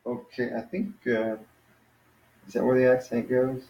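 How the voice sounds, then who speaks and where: A man teaching a casual one-on-one Greek lesson, encouraging and patient, spelling out words slowly. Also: medium pitch, little pitch movement, warm tone. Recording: roomy, dull lo-fi sound.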